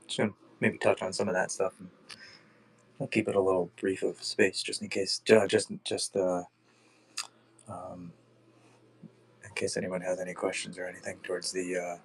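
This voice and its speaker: A man with a lowish voice talks through his points in a relaxed, meandering way. He stacks up hypothetical examples, restarts his sentences, and fills the gaps with ums and you-knows. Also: normal speed, vocal fry, long pauses. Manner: rambling, many restarts and fillers. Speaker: podcast host. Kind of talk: casual discussion.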